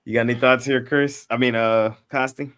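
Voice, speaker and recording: A man's voice: mid-range voice, fairly even intonation, normal speed, fairly bright tone, smooth. A man hosting a sports betting show, chatting casually in slang and laughing often. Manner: laid-back slangy banter, laughs often. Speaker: host.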